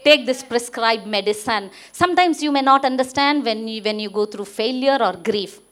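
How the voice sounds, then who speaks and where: A middle-aged woman pastor preaching a sermon, emphatic, with big swings in pitch and loudness. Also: expressive, moderate pace.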